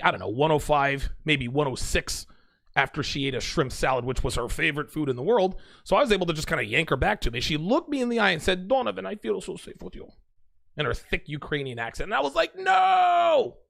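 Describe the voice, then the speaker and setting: A man's voice: a little high, a bit bright, no echo, clean studio sound. A man casually telling a personal story in a rambling, conversational way, with asides to his listeners. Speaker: host.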